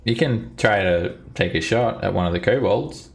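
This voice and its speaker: A man's voice: lowish voice, moderate pace, gravelly, faint music behind. A man running a tabletop game as dungeon master, narrating easily with chuckles and fillers.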